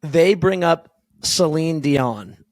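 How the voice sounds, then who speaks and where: A man co-hosting a casual hockey podcast, telling stories excitedly. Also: on the high side, takes it slowly, no room sound. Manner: excitable storyteller, swears casually. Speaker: podcast co-host.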